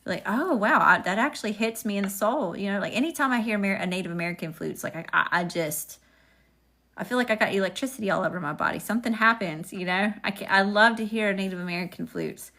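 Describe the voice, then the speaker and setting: A woman's voice: mid-range voice, fast, sharp tone. A woman, chatting sassily with viewers while giving a casual live-stream tarot reading. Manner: sassy, chatty, talks to viewers. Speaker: tarot reader.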